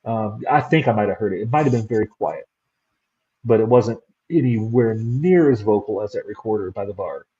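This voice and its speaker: A man's voice: lowish voice, expressive, moderate pace, mellow. Rambling man telling a ghost story, dull audio. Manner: rambling, repeats words as he recounts. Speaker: paranormal investigator guest. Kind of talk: casual storytelling chat.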